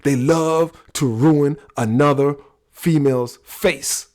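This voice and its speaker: A middle-aged man hosting a talk on personality types, telling a story in an animated way. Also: fairly high pitch, slow. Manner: animated storyteller, acts out quoted voices. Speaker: podcast host teaching personality types.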